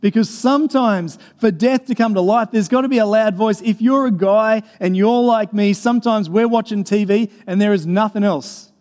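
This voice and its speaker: A high-pitched man preaches in a church, his voice carrying a long reverb through the hall. He talks earnestly and conversationally, repeating key phrases for emphasis and often restarting his sentences. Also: moderate pace, hardly any pauses, darkish tone. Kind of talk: sermon.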